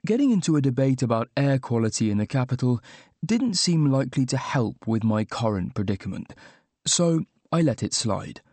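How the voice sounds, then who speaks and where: A man's voice: mid-range voice, big pitch swings, moderate pace, darkish tone, no echo. Young man narrating wryly. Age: young adult. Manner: wry, dry humour. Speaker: audiobook narrator. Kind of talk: first-person audiobook narration.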